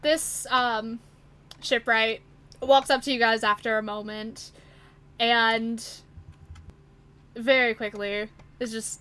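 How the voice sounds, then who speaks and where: A woman narrating a tabletop game as game master, laughing as she goes and pausing often. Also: a little high, steady tone, pushed and bright, clean tone.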